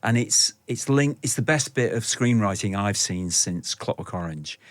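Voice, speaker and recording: A man's voice: lowish voice, expressive, normal speed, no room sound. A middle-aged man guesting on a radio show, talking at length in a reflective, storytelling way. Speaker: film director guest. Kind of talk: radio interview.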